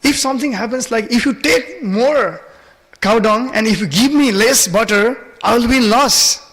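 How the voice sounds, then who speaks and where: A man's voice: very high voice, moderate pace, a bit bright, pitched above the performer's own voice. A man voicing a mischievous, bossy little cowherd boy god who haggles playfully. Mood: playful haggling. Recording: reverberant temple hall.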